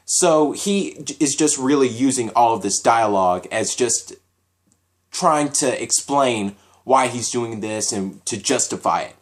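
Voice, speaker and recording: A man giving a casual solo anime episode review, talking in an animated, repetitive way as he thinks aloud. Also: mid-range voice, measured pace.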